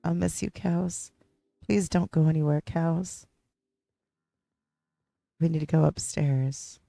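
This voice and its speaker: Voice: mid-range voice, fairly even intonation, slow, creaky, dark tone, no room sound. A streamer giving casual gameplay commentary, gushing and playful.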